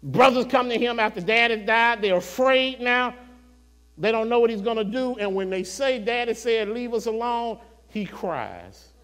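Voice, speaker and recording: High-voiced preacher shouting in a reverberant hall. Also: male voice, animated. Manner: swings from soft, slow murmurs to shouted climaxes; call-and-response preaching, addresses congregation directly. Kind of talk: sermon. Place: church sanctuary.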